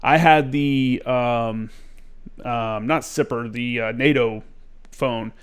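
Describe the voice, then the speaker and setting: A man hosting a podcast, telling stories in an animated, casual way and swearing freely. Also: mid-range voice, takes it slowly, clear, resonant tone. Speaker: podcast host. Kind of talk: casual conversation.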